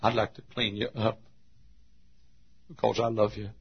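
A man preaching a sermon at a church service, booming into shouts and then dropping to a hush. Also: level tone, measured pace, vocal fry, slightly rough, lo-fi sound. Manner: swings from loud shouted quotes to hushed low asides.

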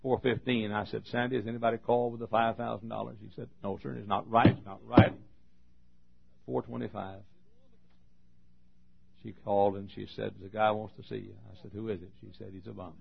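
A man preaching a sermon as a pastor, telling a story with emphatic swings between loud and hushed delivery. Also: on the low side, little pitch movement, brisk, gravelly, slightly rough. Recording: dull lo-fi recording.

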